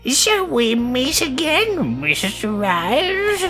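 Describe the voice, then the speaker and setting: A man's voice: very high voice, huge pitch swings, slow pace, over music, voice pushed up, heavily acted. A man voicing a nervous male prosecutor who stammers and fumbles his words.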